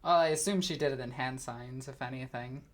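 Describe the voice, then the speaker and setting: A woman playing a tabletop game, speaking in a relaxed, dry manner and sometimes in character. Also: a bass voice, brisk. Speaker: player. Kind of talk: casual tabletop play.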